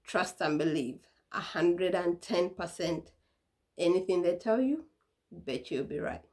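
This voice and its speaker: A woman's voice: on the low side, a little slow, darkish tone. A young woman talking casually to camera in a vlog, chatty and laughing, acting out what her mom used to say. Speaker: vlogger.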